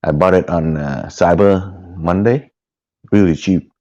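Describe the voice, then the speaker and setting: A man with a low, deep voice talks casually into a cheap headset mic. He halts and restarts his words and laughs easily. The audio sounds muffled and lo-fi. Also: measured pace, dark tone. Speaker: guest van dweller. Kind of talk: casual live-stream chat. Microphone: headphone headset mic.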